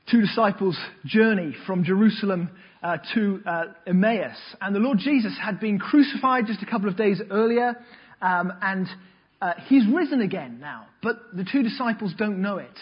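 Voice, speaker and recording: A man preaching a sermon, telling Bible stories in a lively way and acting out the voices. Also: high-pitched, slightly rough, highs cut off. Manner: lively storytelling with acted-out voices.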